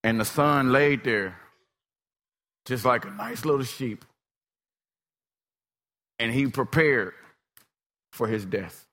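A man preaching a sermon with dramatic storytelling, swinging from shouts to whispers. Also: mid-range voice, takes it slowly, long pauses, big-room sound.

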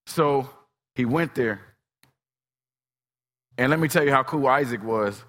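A man preaching a sermon with dramatic storytelling, swinging from shouts to whispers. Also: mid-range voice, a little slow, big-room sound.

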